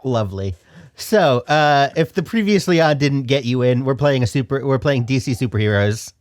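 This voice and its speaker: A man's voice: mid-range voice, lively intonation, moderate pace, dry recording. A man running a superhero tabletop game as game master, joking and exasperated with his players. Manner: joking, exasperated, playing the non-player characters.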